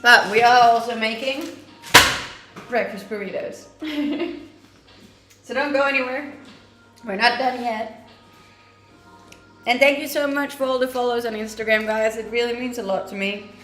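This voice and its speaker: A cheerful woman in her twenties from Denmark, hosting a livestream from home and answering viewers with teasing humor. Her voice sits a little high, and the room gives it a noticeable echo, with faint music playing underneath. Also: fairly even intonation, unhurried, pauses often, a bit bright. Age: 20s. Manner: cheerful, teasing, laughs often. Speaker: livestream host. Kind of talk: casual chat reading viewer comments. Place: home kitchen.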